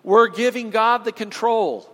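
A man with a high voice delivers a sermon at an unhurried pace. He presses his points with emphatic repetition and calls on his listeners to join in. His voice rings out with the long reverb of a big hall. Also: bright, forceful tone. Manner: emphatic, calls on the congregation to respond. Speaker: pastor.

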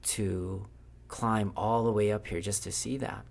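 Dude putting on a chill encouraging firefly, kinda gravelly. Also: male voice, on the low side, steady tone, measured pace. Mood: friendly. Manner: laid-back, encouraging. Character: friendly, curious firefly, calm guide.

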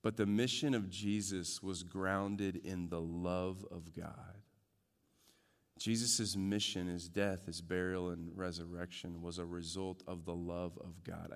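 A man pastor preaching a sermon, shifting from loud joking asides to hushed, earnest emphasis. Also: sits low, steady tone, slow, long reverb tail.

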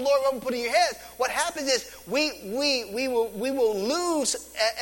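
High-voiced male preacher in a reverberant hall. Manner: animated preaching, acts out quoted dialogue. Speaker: pastor. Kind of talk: sermon. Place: church sanctuary. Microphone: stage microphone on stand.

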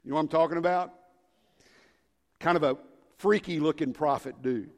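Give me a man preaching a sermon in a large church, shifting from whispers to shouts, with a long hall echo. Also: a little high, moderate pace. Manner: swings from hushed whispers to shouted rallying calls. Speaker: pastor.

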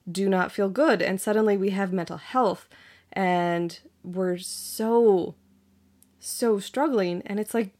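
A woman hosting a podcast, talking earnestly and animatedly in a motivational monologue, with frequent "like" and "right?". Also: medium pitch. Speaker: podcast host.

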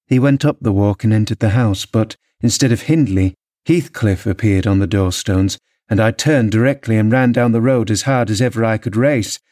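A man narrating a classic novel as an audiobook in a measured, expressive storytelling manner. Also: fairly low pitch, no room sound, clean studio sound.

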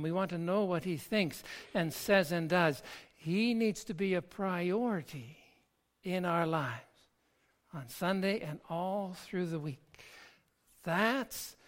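A pastor preaching an earnest, reflective sermon with a halting delivery that often repeats words. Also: mid-range voice. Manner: slow, halting delivery with frequent word repeats.

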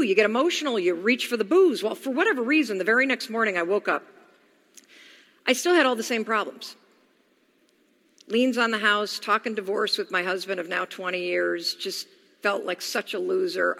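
A woman's voice: mid-range voice, pushed and bright. A woman in her forties giving a motivational talk, telling her own story and acting out her inner dialogue. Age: 40s. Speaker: motivational speaker. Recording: long hall reverb.

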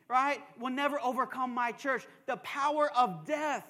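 A man's voice: very high voice, unhurried, pushed and bright. A man preaching a sermon as pastor, emphatic and conversational, with joking asides and call-and-response. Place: church sanctuary. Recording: long reverb of a church hall.

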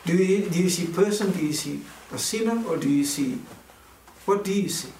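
A man's voice: high voice, lively intonation, normal speed, darkish tone, slight background noise. A male minister giving an earnest, conversational sermon and telling a personal story, with many restarts. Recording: roomy, voice distant from mic.

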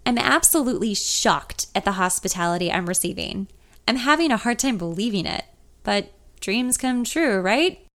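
A woman's voice: medium pitch, lively intonation, moderate pace, a bit bright. A woman reading a first-person story aloud in a conversational, reflective way. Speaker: narrator. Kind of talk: first-person audiobook narration.

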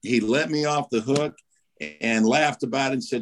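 A man's voice: mid-range voice, normal speed. Male radio regular, casual storyteller who voices every quote. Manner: animated storyteller acting out quotes.

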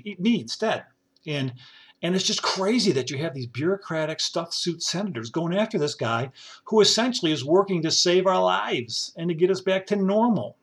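A middle-aged man talks alone into the mic, thinking out loud. He rambles with frequent restarts and asides, and his voice sits at an ordinary pitch. His tone is blunt and opinionated. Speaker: podcast host. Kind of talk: solo spoken reflection.

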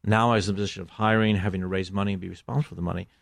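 A middle-aged American man with a low, gravelly, creaky voice talks as an interview guest. He is reflective and measured, pausing often on fillers. The sound is close and dry. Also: steady tone, no echo. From United States. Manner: measured, hesitant, many fillers. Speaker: filmmaker guest.

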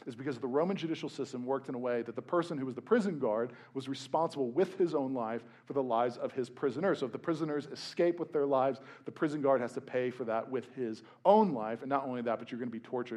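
A young adult man preaching a sermon, conversational and animated, with jokey asides while reading scripture. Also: mid-range voice. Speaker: pastor.

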